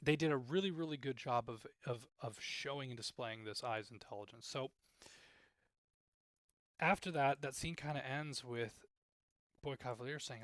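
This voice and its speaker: A man giving casual, rambling commentary as a TV reviewer, growing exasperated and animated with many restarts. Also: medium pitch, normal speed, no echo. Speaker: TV show reviewer.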